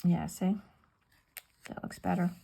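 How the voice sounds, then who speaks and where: A woman's voice: on the low side, little pitch movement, unhurried, creaky, dark tone, slight background noise. A middle-aged woman chatting casually and muttering to herself as she works on a paper craft at home. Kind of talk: casual talk while crafting.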